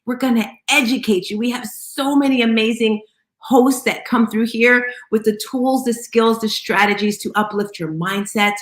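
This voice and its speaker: A woman's voice: fairly high pitch, moderate pace, echoey room. A woman hosting a live audio chat room, upbeat and greeting listeners by name as she speaks to the room. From Bermudian family. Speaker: host.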